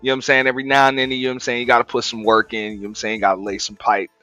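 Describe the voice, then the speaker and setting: A man's voice: medium pitch, completely flat delivery, racing, pushed and bright, no echo, faint music behind, low-quality recording. A man hosting a casual reaction show, talking in a laid-back, profane way, laughing and repeating himself. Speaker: show host reacting to clips.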